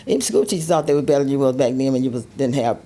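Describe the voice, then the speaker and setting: An animated woman in her seventies telling stories from her life. She slips into other people's voices and laughs easily, while faint noise hums in the background. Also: a bass voice, rapid-fire. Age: 70s. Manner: animated storyteller, acts out voices, laughs often. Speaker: interview guest. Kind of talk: storytelling chat.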